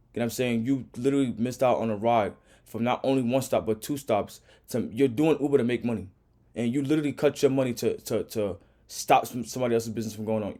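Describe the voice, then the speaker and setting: A man's voice: lowish voice, dark tone. A young man hosting a reaction video, ranting bluntly and heatedly with lots of profanity. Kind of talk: casual reaction commentary.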